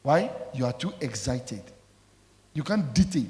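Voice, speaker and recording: A man's voice: medium pitch, big pitch swings, measured pace, mellow. A man preaching a sermon as pastor, emphatic and scolding, calling out questions for the congregation to answer. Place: church. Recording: echoey church hall.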